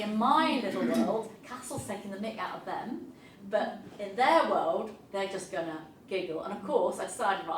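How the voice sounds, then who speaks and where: A woman from southern England shares a lively teaching anecdote in a group discussion and acts out her own thoughts as she tells it. She is picked up from across the room, so her voice sounds distant and echoey, with a faint ambience behind it. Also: mid-range voice, slight background noise. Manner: lively, animated storytelling with quoted inner thoughts. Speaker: session attendee and teacher.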